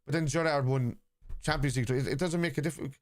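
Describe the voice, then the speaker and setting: A man's voice: mid-range voice, very fast. An Irish man hosting a live football watchalong stream, arguing point by point with viewers' comments in a combative way.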